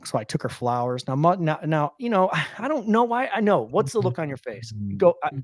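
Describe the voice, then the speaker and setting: A man's voice: fairly high pitch, big pitch swings, fairly quick, no echo, clean studio sound. A man co-hosting a podcast, telling a personal story in a candid, conversational way and often saying "dude.". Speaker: podcast co-host. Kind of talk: casual storytelling.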